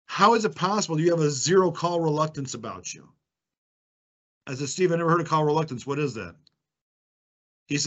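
A man's voice: fairly high pitch, a bit bright, highs cut off. A man telling sales stories in a confident, emphatic way and acting out the dialogue, as a podcast guest. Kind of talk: conversational storytelling.

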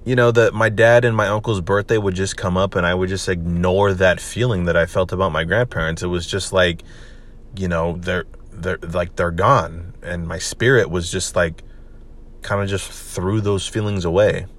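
A man's voice: low-pitched, steady tone, normal speed, fairly bright tone. A young man hosting a solo podcast, talking candidly and rambling, with lots of "man" and "you know". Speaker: podcast host. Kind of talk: solo confessional podcast monologue.

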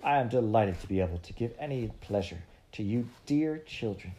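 A man reading aloud and voicing a sour, bad-tempered grown woman in a storybook, with a high, scolding put-on voice. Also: expressive, normal speed, dark tone, natural voice. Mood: gushing kind. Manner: shrill, scolding, then gushing. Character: bad-tempered middle-aged woman turned kindly.

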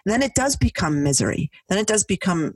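Husky-voiced woman podcast host. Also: medium pitch, fairly quick, dry recording. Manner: animated storyteller, acting out quotes. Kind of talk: casual chat. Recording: dry, mic a bit distant.

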